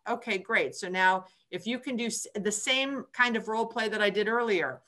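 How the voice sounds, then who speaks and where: A woman's voice: medium pitch, moderate pace, fairly bright tone. A woman hosting a book club call, chatting casually and retelling sales conversations with frequent restarts. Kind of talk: casual group call discussion.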